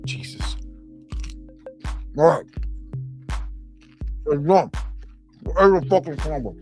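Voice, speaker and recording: A man's voice: on the high side, lively intonation, slow, darkish tone, soft background music. A male livestream host on a podcast, ranting in a profane, exasperated way. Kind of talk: livestream chat.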